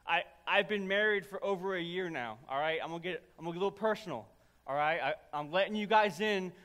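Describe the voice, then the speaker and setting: Young male pastor, sharp bright tone, comic storytelling sermon, long church reverb. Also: high voice, fast. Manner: humorous storytelling, animated and self-deprecating. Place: church sanctuary.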